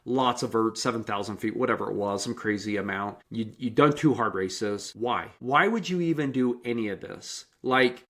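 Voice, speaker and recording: A man's voice: medium pitch, moderate pace, few pauses, fairly bright tone. Earnest, encouraging man hosting a podcast. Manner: earnest and encouraging, asks probing questions. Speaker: podcast host and running coach. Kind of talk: casual interview.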